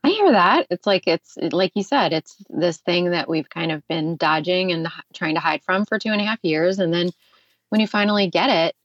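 A woman co-hosting a podcast, chatting in an expressive, talkative way from a remote setup. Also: fairly low pitch, moderate pace, dry recording, highs cut off. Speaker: podcast co-host. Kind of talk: casual chat. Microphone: remote recording setup.

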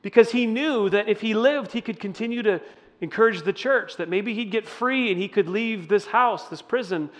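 A man with a somewhat high voice leads a sermon in a loose, chatty way and keeps turning questions back to the room. His voice rings out with a long reverb tail, as if he is in a large church hall. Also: normal speed. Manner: conversational, asks the audience questions. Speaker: pastor. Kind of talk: interactive sermon.

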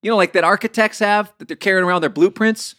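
Bright, slangy male musician. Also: high voice, fast talker. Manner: relaxed, slangy storyteller. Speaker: touring musician. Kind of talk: casual chat.

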